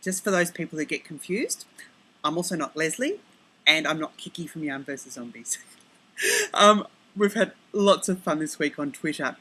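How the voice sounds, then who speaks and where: A middle-aged Australian woman hosting a podcast, chatting casually and rambling with quick self-corrections and asides, recorded outdoors on her deck. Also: low-pitched, animated, fairly bright tone, breathy edge, rough recording. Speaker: podcast host. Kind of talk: casual chat.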